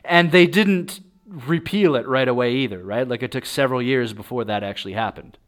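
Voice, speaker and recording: A man's voice: mid-range voice, brisk, fairly bright tone. Chatty male podcast storyteller. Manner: chatty, often laughing, checks in with "right?". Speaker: podcast host telling a true-crime story. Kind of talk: casual storytelling chat.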